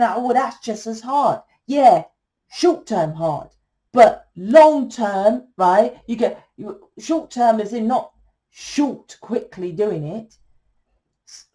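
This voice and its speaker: A woman talking through a casual tarot reading, blunt and salty, often checking in with a quick "right?". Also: fairly high pitch, warm tone. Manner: blunt, swears freely, keeps asking "right?". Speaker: tarot reader.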